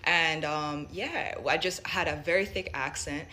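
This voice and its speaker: A woman from Jamaica raised in America, telling a personal story in a reflective, halting way. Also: deep voice, pushed and bright, a little hiss or hum.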